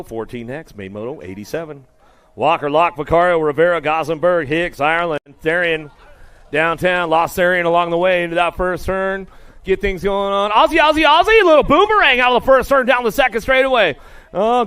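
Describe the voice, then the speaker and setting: A man announcing live BMX races, rattling off rider names with bursts of excitement. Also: sits high, clear, resonant tone. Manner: rapid-fire calling of rider names, excitable. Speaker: race announcer. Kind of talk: live BMX race commentary.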